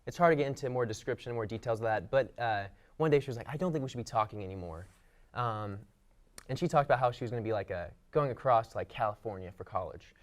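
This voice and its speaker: A young man telling a casual story in an animated, self-deprecating way, laughing at himself. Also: mid-range voice, fast. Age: young adult. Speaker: student panelist.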